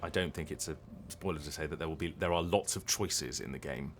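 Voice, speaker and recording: A voice actor chatting casually on a live stream, rambling and hesitant with lots of ums and restarts. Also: male voice, extremely low pitch, a little fast, slight background noise.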